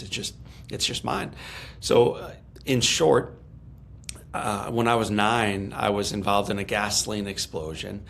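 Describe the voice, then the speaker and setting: Gravelly earnest middle-aged man storyteller. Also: lowish voice, fairly bright tone, slight background noise. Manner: earnest, repeats words when emphatic. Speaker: podcast guest, speaker. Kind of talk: storytelling in an interview.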